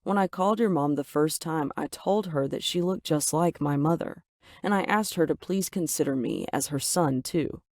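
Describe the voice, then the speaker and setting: A narrator voicing an earnest, gentle young husband in a storybook-style tale, in a plain, dry voice. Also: mid-range voice, normal speed, no echo, lightly acted.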